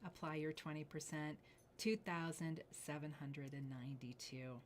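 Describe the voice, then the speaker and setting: A gushing woman hosts a live jewelry sale, her voice sitting a little low for a woman. She often drops into breathy near-whispers while admiring a piece. A faint hiss of background noise sits under her voice. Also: steady tone, moderate pace. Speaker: jewelry sales host. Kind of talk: live shopping presentation.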